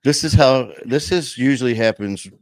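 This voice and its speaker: A man's voice: mid-range voice, normal speed, no echo. A man hosting a casual chat show from a home studio, rambling with many fillers and restarts. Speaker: podcast host. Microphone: headset.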